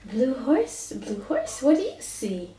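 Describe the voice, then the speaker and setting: A woman's voice: high-pitched, huge pitch swings, slow, dark tone. Woman reading a picture book to a toddler. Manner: playful sing-song reading with animal noises. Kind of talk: reading a picture book aloud to a small child. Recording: roomy home recording from a distance.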